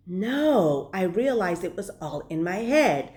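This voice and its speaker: A woman's voice: on the low side, big pitch swings, slow pace, few pauses, darkish tone. A woman life coach giving an earnest, conversational motivational talk to the camera, with frequent fillers. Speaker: life purpose and leadership coach.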